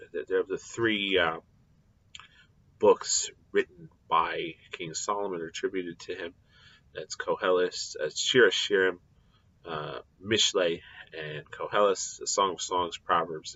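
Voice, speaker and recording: A man giving a recorded scripture lecture, explaining deliberately with frequent pauses and fillers. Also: low-pitched, sharp tone, husky, muffled recording. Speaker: Bible teacher.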